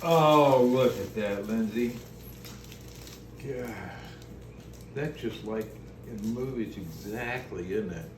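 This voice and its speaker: A man's voice: lowish voice, takes it slowly, long pauses. An older man, a grandfather, chatting with his family at home and telling a story in a chuckling, fondly teasing way. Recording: echoey room with background noise.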